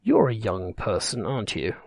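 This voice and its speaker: A man's voice: on the low side, wildly swooping pitch, normal speed, creaky, a little mellow, no room sound, clean studio sound, exaggerated voice. A man voicing a prim, polite ghost librarian woman who speaks in a distant, whispery voice. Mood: wistful. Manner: polite, reproachful.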